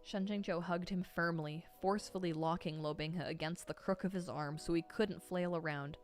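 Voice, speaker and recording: A woman with a lowish voice reads a novel aloud and stops now and then for expressive asides. Faint music runs underneath the whole reading. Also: moderate pace, hardly any pauses. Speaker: novel reader.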